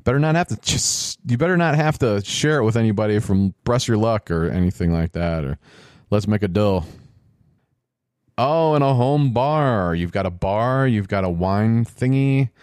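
A man's voice: lowish voice, expressive, normal speed, darkish tone, clear, resonant tone, no echo, studio quality. A man giving casual, joking play-by-play commentary while watching a game show, with sarcastic asides.

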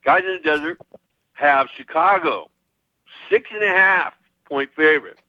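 Bright-voiced man talking football. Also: fairly high pitch, unhurried, dry recording, lo-fi sound. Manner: talks in rambling restarts, emphatic predictions. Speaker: podcast co-host. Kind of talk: casual sports chat.

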